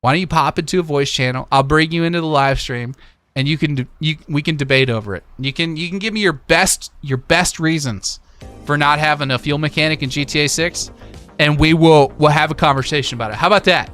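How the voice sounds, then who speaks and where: A man hosting a livestream, chatting with his viewers in a lively, excitable way. His voice is bright and a little high, full of filler words and quick hype. Faint music sits underneath. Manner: animated, hyping, lots of filler words. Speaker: livestream host. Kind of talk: casual livestream chat, reading chat messages.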